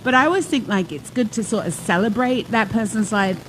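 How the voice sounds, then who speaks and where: A woman's voice: medium pitch, fairly quick, slight background noise, rough recording. Chatty woman hosting a talk show. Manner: lively, chatty storytelling with many asides. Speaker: life coach and show host.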